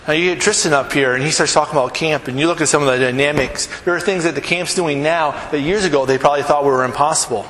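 A middle-aged man, a pastor, preaching a sermon in a church hall, animated, acting out little scenes and quizzing the congregation. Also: fairly high pitch, fast, hardly any pauses, slight background noise. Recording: echoey hall with long reverb.

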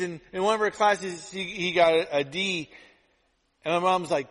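A male pastor preaching a sermon, telling stories with lively acted-out quotes. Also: sits high, moderate pace. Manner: animated storytelling, acts out quotes. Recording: long hall reverb.

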